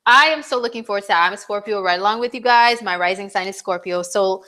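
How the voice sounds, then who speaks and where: A woman's voice: medium pitch, fast, a little hiss or hum. Woman astrologer, casual live-stream forecaster, chatty and loose with fillers. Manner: chatty, animated, acts out little quoted exchanges.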